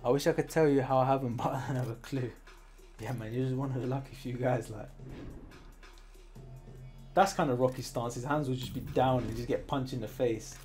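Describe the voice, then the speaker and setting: A British man chats casually as he plays, at a middling pitch. He often sinks into a low mutter while he works. Faint music plays behind his voice. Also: steady tone, a little fast, pauses often. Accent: British English. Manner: chatty, drops into quiet muttering while working. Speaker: gaming streamer. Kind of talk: casual commentary while playing.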